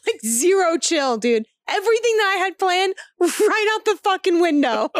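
A woman in her thirties co-hosting a podcast, telling stories in a lively way, swearing freely and laughing often. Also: extremely high pitch, normal speed, few pauses, no echo, studio quality. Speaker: podcast co-host. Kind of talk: casual chat.

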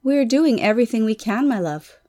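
A man reading aloud and voicing a gracious noblewoman who speaks softly with a wry, gentle manner. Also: very high voice, expressive, brisk, voice pushed up.

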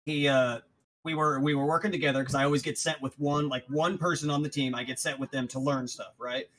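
A man, co-hosting a podcast, telling profane stories fast and with many restarts. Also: mid-range voice, fairly even intonation, fairly bright tone, low-quality recording. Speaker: podcast co-host. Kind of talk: casual chat.

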